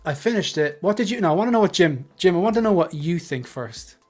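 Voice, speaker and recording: A man hosting a casual panel livestream, joking and tossing quick asides to the chat. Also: high-pitched, expressive, faint music behind. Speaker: livestream host.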